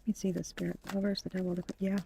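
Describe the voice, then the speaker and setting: A young woman giving an excitable tarot reading, exclaiming, gasping and swearing as she goes. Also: fairly low pitch, very fast, vocal fry, a little hiss or hum. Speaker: tarot reader.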